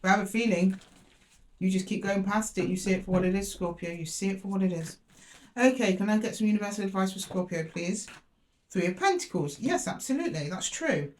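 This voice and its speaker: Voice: medium pitch, brisk. Dramatic, chatty tarot reader. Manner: dramatic, chatty, with indignant asides. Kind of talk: casual tarot reading to camera.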